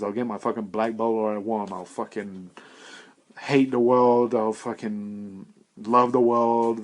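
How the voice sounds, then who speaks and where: A man's voice: on the low side, darkish tone. Man in his 20s, rambling sweary monologue, mocks himself a lot. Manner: profane, meandering, self-mocking. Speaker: podcast host.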